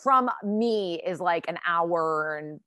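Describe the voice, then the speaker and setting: A woman from central Connecticut chatting casually as a podcast co-host, quick and full of fillers. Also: on the low side, lively intonation, pushed and bright, clear, resonant tone, dry recording, clean studio sound. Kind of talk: casual chat.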